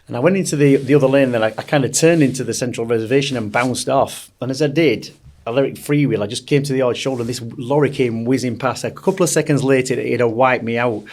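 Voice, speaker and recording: A man's voice: medium pitch, fast, a little mellow. A man, telling rambling stories as a podcast guest with many restarts. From Sheffield, England. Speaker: boxing coach, guest. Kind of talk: casual storytelling interview.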